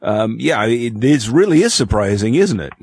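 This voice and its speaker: A man's voice: medium pitch, big pitch swings, moderate pace, darkish tone, breathy edge, dry recording. A man hosting an interview, asking thoughtful questions with small stumbles. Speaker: host interviewer.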